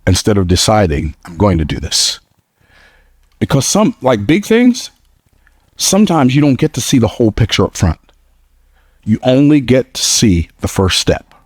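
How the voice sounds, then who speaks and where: A man's voice: slightly rough, dry recording, studio quality. A man giving a motivational speech to a live audience, telling stories with energy and jokes, and repeating phrases for emphasis. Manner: storytelling, energetic, slips into a high squeaky voice for quotes; plain-spoken and joking, repeats phrases for emphasis. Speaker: motivational speaker.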